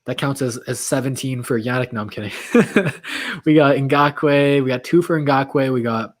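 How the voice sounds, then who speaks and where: Speaking fairly quickly in a mid-range voice, a man runs a late-night livestream where he chats casually and reads out viewers' comments. His voice is becoming worn.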